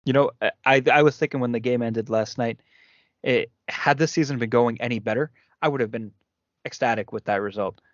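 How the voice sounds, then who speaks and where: A man's voice: medium pitch, brisk, no echo. A man, a podcast guest, chatting reflectively and hesitantly about a match. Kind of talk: casual sports podcast chat. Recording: dry, dull lo-fi sound.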